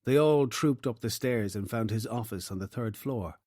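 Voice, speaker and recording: A man's voice: on the low side, normal speed, a little mellow, dry recording. Man narrating an audiobook, dry sound. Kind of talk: scripted narration.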